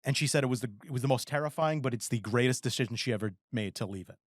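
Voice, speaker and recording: Racing along in a medium-pitched voice, a forties-aged man co-hosts a podcast, chatting casually and rambling through stories full of acted-out quotes. The recording is dry and studio quality.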